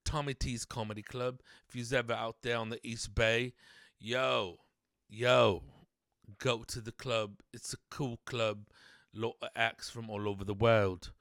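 A man's voice: medium pitch, little pitch movement, unhurried, fairly bright tone, dry recording, clean studio sound. A man hosting a solo podcast, rambling loosely and swearing, calling everyone dude and man. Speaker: podcast host. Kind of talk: casual solo podcast chat. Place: home studio room.

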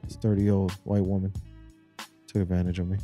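A man in his twenties co-hosting a podcast, telling stories in an animated way and laughing often. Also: low-pitched, brisk, faint music behind. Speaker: podcast co-host. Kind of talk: casual banter.

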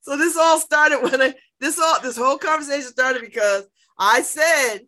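A middle-aged woman hosting a casual radio chat, laughing often and talking in a playful, animated way. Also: high voice, moderate pace. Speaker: radio host.

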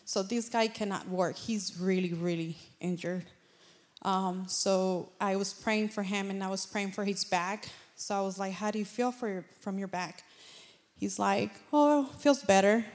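Woman, congregation member, heartfelt testimony, animated and laughing. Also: mid-range voice, a little slow. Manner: earnest storytelling, grows excited, laughs often. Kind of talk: personal testimony.

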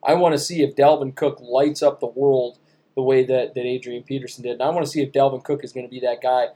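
A man in his thirties co-hosting a sports podcast, talking in an excitable, playful way. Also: medium pitch, fast talker. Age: 30s. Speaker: podcast co-host. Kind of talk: casual sports chat.

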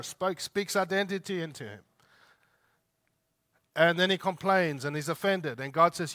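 A man's voice: high-pitched, normal speed, pushed and bright. A man preaching a sermon, emphatic, repeating his points and asking the listeners rhetorical questions. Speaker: pastor.

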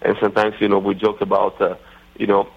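Italian man, low gravelly lo-fi voice. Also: monotone. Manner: halting, many fillers and restarts. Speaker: racing driver guest. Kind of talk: radio interview. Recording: dull lo-fi radio audio.

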